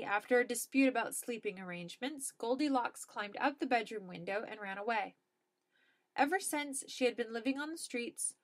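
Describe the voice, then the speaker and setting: A woman narrates a comic storybook in a dry, matter-of-fact way. Her voice sits fairly high.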